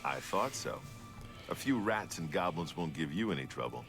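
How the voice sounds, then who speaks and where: Gruff fantasy game NPC, very low voice, plain matter-of-fact delivery, soft music under it. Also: male voice, animated, normal speed. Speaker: game non-player character. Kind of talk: video game voice acting.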